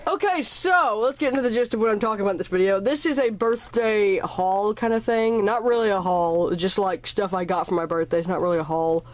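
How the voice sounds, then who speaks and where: A woman's voice: mid-range voice, brisk, hardly any pauses. A teenage girl vlogging at home about her birthday presents, chatty and rambling, a little sick and slightly out of breath, recorded on a camera's built-in mic in her bedroom. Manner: rambling, chatty, points at items one by one. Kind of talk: casual birthday haul vlog.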